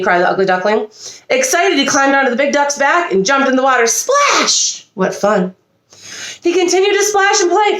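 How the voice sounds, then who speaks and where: A woman reading a children's storybook aloud with expressive delivery and small slips. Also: fairly high pitch, reverberant. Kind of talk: reading a picture book aloud. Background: a child nearby.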